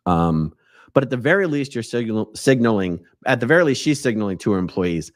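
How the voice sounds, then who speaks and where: A man hosting a commentary video, talking in an animated, joking way with digressions. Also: medium pitch, a little fast, no echo, clean studio sound. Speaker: host.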